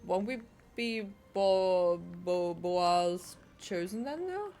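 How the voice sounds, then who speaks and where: A woman's voice: mid-range voice, big pitch swings, slow pace, darkish tone, clear, resonant tone, soft background music. A young adult woman streaming a video game, chatting casually, exclaiming and reading her dialogue choices aloud. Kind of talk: casual gaming chat.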